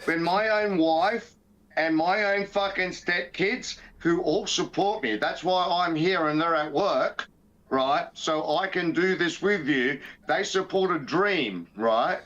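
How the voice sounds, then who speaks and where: A man's voice: a little high, slow, a bit bright, highs cut off. A man co-hosting a podcast, outspoken and profane, rambling through his picks. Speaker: podcast co-host. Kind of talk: casual podcast banter.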